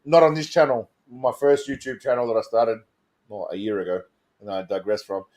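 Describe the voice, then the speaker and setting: A man's voice: medium pitch, steady tone, brisk, a little mellow. An Australian man co-hosting a casual livestream chat, rambling and repeating himself and laughing often. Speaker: co-host of a livestream show.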